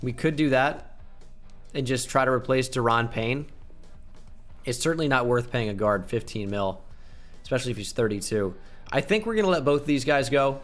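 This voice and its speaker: A man talks over his own gameplay, rattling off numbers quickly and throwing in jokes. He gets excited when his team pulls ahead. Soft music plays faintly underneath. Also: mid-range voice. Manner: rattles off stats with joking asides. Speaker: gaming channel host. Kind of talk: casual video game commentary.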